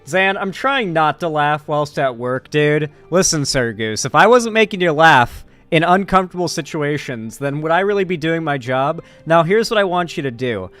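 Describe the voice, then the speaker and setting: A man streaming casually, joking and reading his chat aloud in an animated way. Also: fairly high pitch, moderate pace, few pauses, smooth, faint music behind. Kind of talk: casual live-stream commentary.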